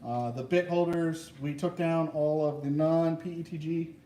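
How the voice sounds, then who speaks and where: A man's voice: fairly high pitch, steady tone, a little slow, mellow. A man hosting a casual chat, joking and goofy in his banter. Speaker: host. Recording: echoey room, mic far off, faint noise.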